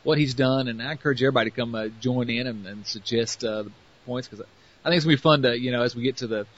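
Fast-talking Southern man hosting a podcast. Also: mid-range voice, lo-fi sound. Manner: rambling, filler-heavy. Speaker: podcast host. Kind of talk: casual podcast chat.

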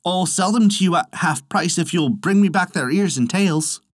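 Narrator putting on a high, brash young trickster. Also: normal speed, no echo, studio quality, close to an everyday voice. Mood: scheming. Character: sly young male trickster servant.

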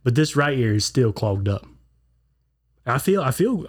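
A man's voice: mid-range voice, sing-song, measured pace, slightly rough. A man chats on a podcast. His voice sounds stuffed up and congested from a clogged ear. He tells stories loosely and acts out the lines of people he quotes. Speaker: podcast co-host. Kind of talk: casual chat.

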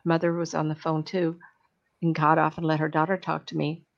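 A woman's voice: low voice, completely flat delivery, fairly quick, gravelly. An older woman working as a psychic medium, talking in a casual, earnest, rambling way with many ums and restarts. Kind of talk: casual reflective monologue. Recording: dull lo-fi recording.

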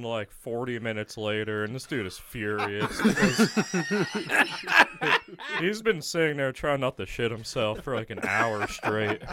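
A man's voice: mid-range voice, noisy background. A man telling a profane work story in casual talk, laughing often as he goes. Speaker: podcast guest; prison correctional officer.

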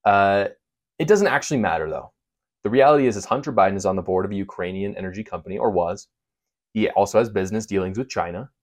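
A man delivers a heated political monologue in a fairly low voice, stressing his points with sarcasm and indignation. He talks straight to his viewers like a commentator building a case. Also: fast talker. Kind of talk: opinion monologue.

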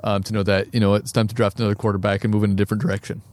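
A man's voice: fairly low pitch, level tone, very fast, a little mellow, dry recording. A man co-hosting a casual sports podcast, laughing easily and often hedging with "I mean.". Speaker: podcast co-host.

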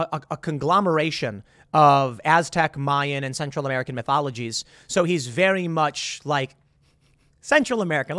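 A man's voice: fairly high pitch, a bit bright, no room sound, studio quality. A man giving an opinionated, sarcastic movie commentary, talking incredulously and restarting his sentences often.

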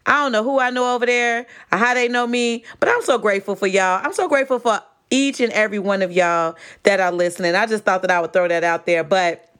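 A woman from Chicago hosting her own podcast, talking casually and animatedly to her listeners. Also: a little high. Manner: chatty and animated, addressing listeners as "y'all". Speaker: podcast host. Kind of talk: casual solo podcast talk. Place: home.

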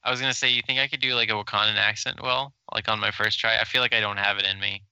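A man with a low but very bright, sharp voice trades quick, laughing banter as a podcast co-host. The recording is close and dry, with no room sound. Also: steady tone, clean tone, no echo, dull audio. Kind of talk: casual chat.

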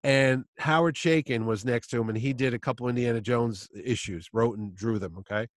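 A man who works as a comic artist, telling a story in a casual, animated way and acting out other people's voices. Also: medium pitch, fairly quick, no echo.

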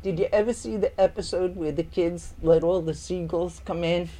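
A woman's voice: on the low side, moderate pace. A woman guest in casual chat, telling workplace stories and acting out the people in them. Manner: animated storyteller, acts out customers and coworkers.

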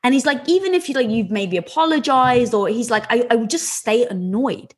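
Lively, breathy woman telling candid stories. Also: fairly high pitch, a little fast. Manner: animated, swears casually, laughs often. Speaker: podcast guest. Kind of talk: candid conversational storytelling.

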